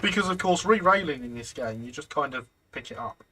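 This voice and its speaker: A man's voice: a little high, animated, a little fast, background noise. A man hosting a casual gaming stream, joking and reading out chat messages. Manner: jokey, reads out live chat. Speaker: streamer host.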